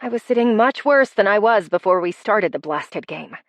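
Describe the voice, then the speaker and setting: A woman narrating a first-person romance audiobook with wry, expressive delivery. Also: medium pitch, normal speed, no echo.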